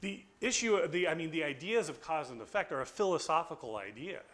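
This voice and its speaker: Animated man giving a lecture. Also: on the high side, brisk. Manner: animated storytelling, acts out dialogue. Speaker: philosophy lecturer. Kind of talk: informal classroom lecture. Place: small group gathering indoors.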